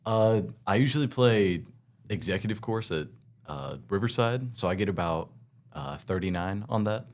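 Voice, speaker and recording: A teenage guy with a very deep, low voice answers interview questions. His replies are brief and laid-back. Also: expressive, moderate pace. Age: teens. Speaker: guest. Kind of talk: casual interview chat.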